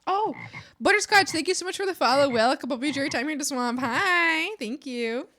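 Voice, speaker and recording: A woman's voice: high-pitched, animated, brisk, sharp tone. A woman streamer chatting casually with her viewers while she draws, playful and theatrical as she thanks them. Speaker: art streamer.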